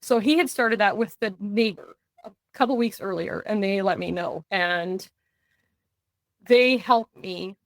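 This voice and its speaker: A woman's voice: medium pitch, measured pace, long pauses, dry recording. Woman telling a personal story, dry sound. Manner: earnest, tells events in vivid runs with quoted dialogue. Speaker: guest. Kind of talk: personal story in a podcast interview.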